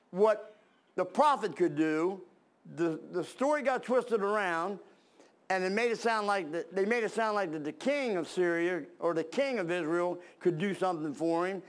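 A man preaching a sermon, reading scripture aloud and then explaining it in plain talk with fillers and restarts. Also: high voice.

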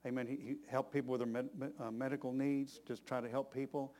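A man's voice: mid-range voice, little pitch movement, fast talker, darkish tone. A middle-aged man, preaching a sermon in a folksy storytelling way and peppering his talk with "amen.".

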